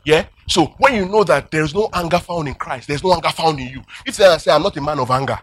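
A man preaching a sermon as a pastor, animated, laughing often and checking in with his listeners. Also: on the high side, fast talker, slightly rough.

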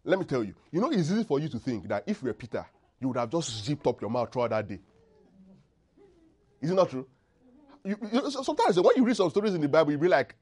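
A man preaching a sermon, often quizzing the congregation and pausing for them to fill in the words of a verse. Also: a little high, big pitch swings, darkish tone, husky. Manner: call-and-response, asks congregation to finish verses; checks in often with the listeners.

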